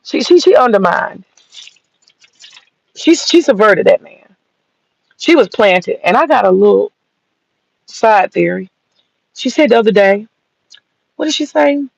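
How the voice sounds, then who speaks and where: This profane, sassy opinion rant comes from a female commentator from the American South, mocking her targets bluntly in a medium-pitched voice with vocal fry. She's animated yet a little slow, leaving long pauses, and the dull lo-fi audio is completely dry.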